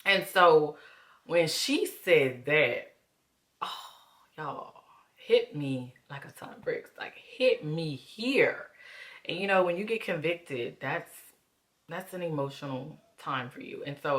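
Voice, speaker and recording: A woman's voice: deep voice, lively intonation, measured pace, a bit bright. A woman talking openly to her viewers in a reflective vlog, calling them "y'all" as she works through her emotions. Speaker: vlogger. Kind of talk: candid reflective vlog talk.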